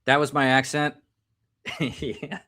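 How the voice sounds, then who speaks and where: A man's voice: medium pitch, level tone, slow, pushed and bright. An American man rambles through a live stream, cracking jokes at his own expense. His talk is loose and casual, like someone having a drink on air. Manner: joking, rambling, self-mocking.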